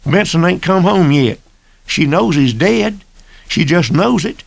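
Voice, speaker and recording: Man voicing a raised, pushy backwoods deputy for an audiobook, gravelly and insistent. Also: lively intonation, a little slow, no room sound, exaggerated voice. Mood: pleading. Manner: shrill, insistent, rustic dialect. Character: loud, accusing small-town male deputy.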